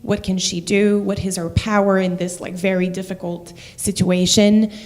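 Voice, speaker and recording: A woman's voice: mid-range voice, little pitch movement, moderate pace, darkish tone. A woman from Quebec with a French Canadian accent, an actor chatting about her role in a stage play and laughing often. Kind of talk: interview chat.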